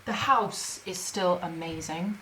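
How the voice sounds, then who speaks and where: An actress playing a young wife who records a shaken video message to her mother, speaking softly and haltingly. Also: on the low side, slight background noise, low-quality recording. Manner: soft, hesitant, halting delivery with quiet dips. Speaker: actor in a short film. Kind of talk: dramatic monologue as a video message.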